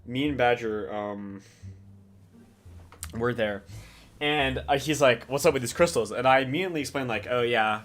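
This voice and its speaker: A man's voice: mid-range voice, moderate pace, long pauses, a bit bright. Young man chatting casually on a podcast. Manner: rambling, laughs, swears. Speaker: podcast host and game organizer.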